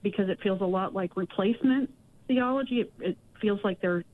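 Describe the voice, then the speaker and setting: A woman's voice: mid-range voice, fairly quick. A woman from Texas phoning in to a radio show, trying to be concise and sounding a bit upset. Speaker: caller. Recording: tinny phone line.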